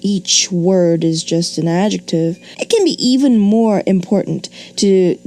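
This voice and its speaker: Female grammar teacher, expressive, slightly low mellow voice. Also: a little slow. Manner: expressive, rhetorical questions, mock exasperation. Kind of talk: video grammar lesson.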